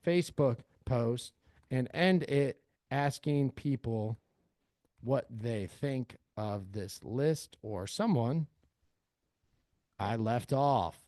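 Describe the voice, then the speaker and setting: A man's voice: medium pitch, animated, drawn-out words, a little mellow, no echo, clean studio sound. A man leading a live screen-share workshop, talking energetically and calling his audience family. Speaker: real estate AI trainer.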